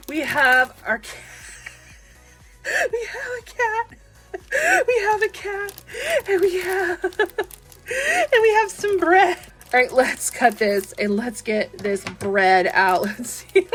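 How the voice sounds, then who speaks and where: A young woman chatting excitedly through a toy unboxing, gushing and giggling often. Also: a little high.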